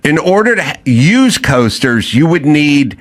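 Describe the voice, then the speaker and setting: A man hosting a podcast in casual chat, telling animated stories and acting out other people's lines. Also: fairly high pitch, a little slow. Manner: fired up, emphatic. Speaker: podcast host.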